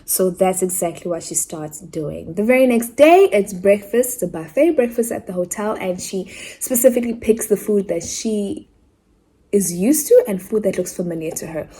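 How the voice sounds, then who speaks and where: Woman from Africa, book reviewer, middle pitch, animated chatty rant with mock-outraged asides. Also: slightly rough. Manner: acts out characters' lines in quick asides.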